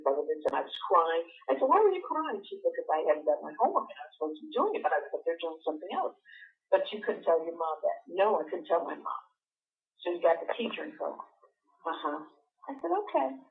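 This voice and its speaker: A middle-aged woman teacher tells school stories on a talk-show call and jumps into different voices for each person she quotes. Her voice comes through a thin phone line, cut down to a narrow band. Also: low-pitched. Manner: animated storyteller acting out quoted voices. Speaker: guest teacher. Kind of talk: storytelling in a radio talk show.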